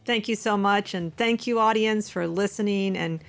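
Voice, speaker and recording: A woman's voice: medium pitch, moderate pace, gravelly, faint music behind. A woman host who wraps up the interview, thanks her guest and signs off to her listeners. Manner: friendly sign-off, thanks the guest. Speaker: podcast host. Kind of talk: closing an interview.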